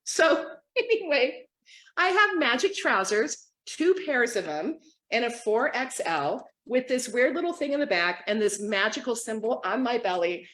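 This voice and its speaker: A woman's voice: a little high, a little slow. A woman in her fifties from the United States, a coach telling a funny story on a livestream with giggles, a lot of "like" and "right?". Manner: giggly and animated, lots of "like" and "right?".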